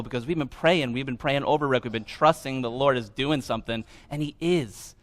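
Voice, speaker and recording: Animated young pastor in a reverberant hall. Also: male voice, on the high side, fairly quick, hardly any pauses. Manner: animated, conversational, casual slang. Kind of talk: sermon. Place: church sanctuary.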